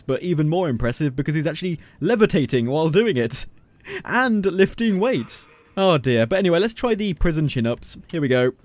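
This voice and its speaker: A man's voice: fairly high pitch, no room sound. A man giving casual gameplay commentary as a video creator, playful and jokey, teasing the character on screen.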